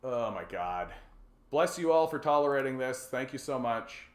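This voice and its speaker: A man's voice: medium pitch, expressive, moderate pace, reverberant. A man from Canada hosting a casual call-in livestream, rambling and joking with lots of swearing, fillers and restarts. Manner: rambling, profane and jokey, with many fillers and restarts. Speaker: livestream host.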